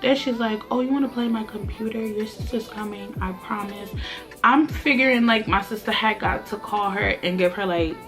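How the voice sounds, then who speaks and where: A young woman, a vlogger telling a storytime tale with animated delivery and acted-out quotes. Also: mid-range voice, normal speed, over music. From Brooklyn, New York. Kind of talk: storytime chat.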